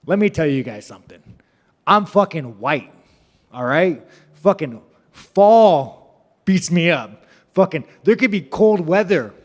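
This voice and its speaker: Male fighter at a press scrum: brash, cursing, rambling jokester, fairly high voice, long room echo. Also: animated, slow pace, pauses often. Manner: brash, profane, rambling, joking. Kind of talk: media scrum answers.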